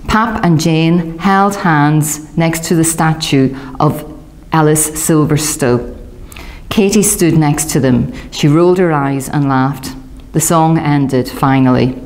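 A woman reading a novel aloud, giving the characters lively raised voices. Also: low voice, takes it slowly. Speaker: audiobook narrator. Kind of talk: audiobook reading.

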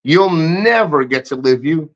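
A man's voice: a little high, lively intonation, a little slow. A man hosting a casual livestream, reading chat and giving blunt, profane motivational rants. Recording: muffled lo-fi stream audio.

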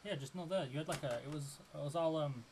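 A man's voice: on the high side, quick pace, crowd noise. A man chatting casually while gaming, mumbling hesitantly and often laughing. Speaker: YouTube gamer. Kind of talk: casual gameplay chat.

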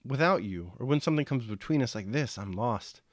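A man's voice: mid-range voice, expressive, brisk, dry recording, clean studio sound, natural voice. A man voicing a nobleman husband and father in a novel reading, blunt and affectionate in turn. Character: warm, gruff landed nobleman, husband and father.

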